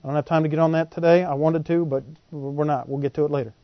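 A man preaching a sermon, folksy and animated, often acting out voices in the quotes he tells. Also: on the high side, quick pace, no echo. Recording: dull lo-fi podcast audio.

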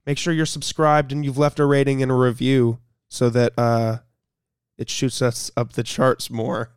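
A man's voice: medium pitch, measured pace, clear, resonant tone, dry recording, clean studio sound. Young man hosting a casual podcast. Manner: relaxed, filler-heavy, laughs easily. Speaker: podcast host.

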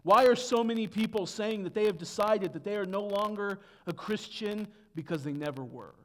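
A man preaching a sermon as pastor, dropping to hushed tones and then building to loud, emphatic peaks. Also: moderate pace. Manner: swings from hushed to booming emphasis.

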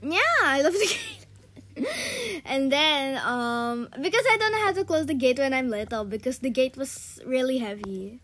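High-voiced young woman rambling a story. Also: lively intonation, measured pace, a bit bright. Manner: rambling, full of "and then, um", giggly. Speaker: podcast co-host. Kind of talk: casual chat, storytelling.

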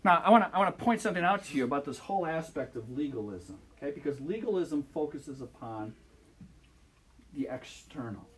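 High-pitched preacher guy, voice swoops up and down a lot, keeps asking the room "okay?". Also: brisk. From Michigan. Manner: animated, checks in with listeners often. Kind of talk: sermon.

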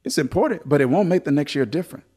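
A man preaching a sermon as pastor, swinging between loud, lively exhortation and softer storytelling. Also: a little high, racing.

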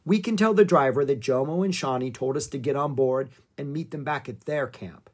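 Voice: medium pitch, a little fast, slightly rough, natural voice. A storybook reader voicing a cautious, sensible young boy who reasons things out.

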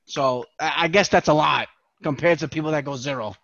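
A man co-hosting a podcast, rambling in an animated, self-mocking way in casual chat. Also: on the high side, brisk, vocal fry, lo-fi sound. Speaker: podcast co-host.

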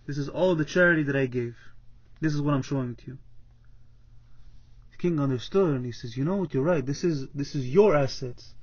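A somewhat high-voiced man teaching a relaxed Torah lesson, slipping into the voices of the characters in a parable he retells. His tone is husky, and the recording sounds dull and lo-fi. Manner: retells a parable in plain talk, acts out the characters with restarts. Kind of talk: casual Torah class storytelling.

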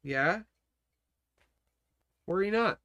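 A man acting out the voice of God, speaking slowly, deeply and soothingly to a frightened believer. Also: lively intonation, bright, forceful tone, dry recording, lo-fi sound, full character voice. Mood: reassuring. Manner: slow, solemn, deep and soothing.

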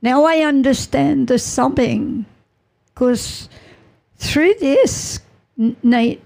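A middle-aged woman giving an earnest, emotional personal testimony as a mother, halting and repeating her phrases. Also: sits high, creaky, a little mellow.

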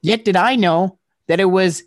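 A man's voice: sits high, moderate pace, creaky, dry recording, studio quality. A man co-hosting a comedy podcast, complaining in a mock-wounded way. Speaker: podcast co-host.

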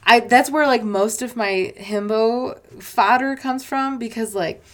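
Slightly high-voiced woman gushing about a movie, casual chat, does little voices for the lines. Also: unhurried. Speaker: podcast co-host.

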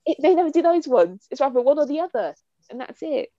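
A woman's voice: high-pitched, big pitch swings, fast, warm tone, no echo. A British woman co-hosting a podcast, chatting casually and repeating words as she thinks. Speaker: podcast co-host. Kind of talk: casual chat. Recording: dull lo-fi sound.

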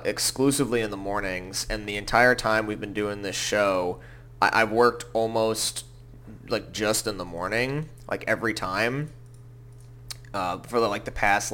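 Lively young man, bright voice. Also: fairly low pitch. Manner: animated storyteller, loud yelps in his anecdotes. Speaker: podcast co-host. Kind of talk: casual chat.

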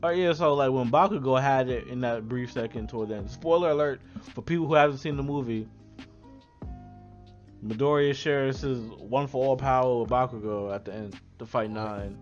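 Slangy excited man, lo-fi podcast. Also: mid-range voice, moderate pace, faint music behind. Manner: excited slangy recapping, acts out quotes. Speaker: podcast co-host. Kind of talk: casual chat.

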